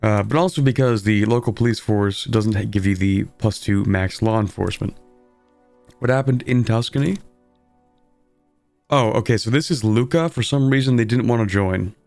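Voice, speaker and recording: A man's voice: lowish voice, moderate pace, vocal fry, darkish tone, no room sound, faint music behind. Young man, sleepy, rambling, casual game commentary, dry close mic. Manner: sleepy, rambling, self-deprecating. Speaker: streamer.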